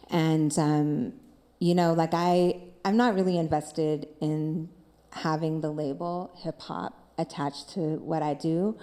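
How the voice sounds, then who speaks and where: A woman dance scholar speaking on a panel, reflective and halting, thinking aloud with many fillers. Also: deep voice, mellow. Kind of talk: panel discussion.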